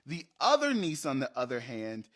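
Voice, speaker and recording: A man telling a casual story about running a tabletop game, animated and rambling, with quick restarts. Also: medium pitch.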